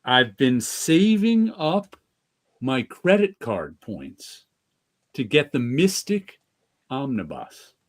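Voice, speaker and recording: A man's voice: medium pitch, sing-song, slow pace. A man with a New York accent chatting casually on a podcast, rambling with many restarts. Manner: rambling, with restarts and light laughs. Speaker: podcast co-host. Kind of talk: casual chat.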